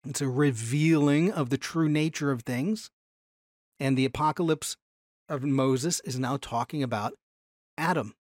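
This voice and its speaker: A man teaching a Bible class from slides in an animated way, slowing down to stress key phrases. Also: medium pitch, no echo, studio quality.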